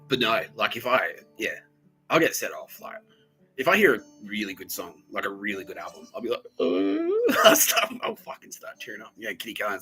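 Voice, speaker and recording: Crude giggly aussie guy rambling on his podcast, voice bounces all over, bright tone, faint music behind. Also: lowish voice, low-quality recording. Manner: crude, giggly, jokey, talks to an absent listener. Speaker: podcast host. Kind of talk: rambling solo podcast monologue.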